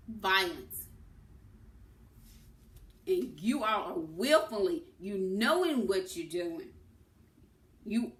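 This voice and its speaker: Slow, emphatic woman commentator. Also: medium pitch, a bit bright. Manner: impassioned, emphatic, stresses words. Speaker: political commentator. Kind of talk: political commentary monologue. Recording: echoey room.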